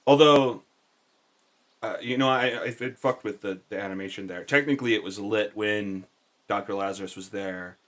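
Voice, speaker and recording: A man's voice: lowish voice, normal speed, a bit bright. A man narrating a tabletop game as game master, in a casual, meandering way.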